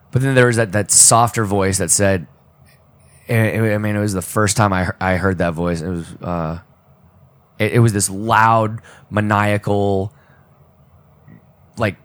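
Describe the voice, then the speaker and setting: A man on a podcast telling a deeply personal story in a halting, emotional way, often restarting his sentences and choking up. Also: fairly even intonation, no room sound. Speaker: podcast co-host. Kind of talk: personal storytelling in casual talk.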